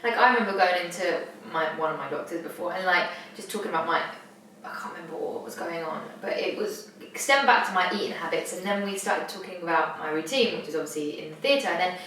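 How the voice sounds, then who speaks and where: A woman co-hosting a podcast, telling stories in an animated way and acting out quotes. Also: fairly low pitch, quick pace, slight background noise. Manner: animated storyteller who acts out quotes. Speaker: podcast co-host. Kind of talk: casual chat. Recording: roomy echo, distant mic.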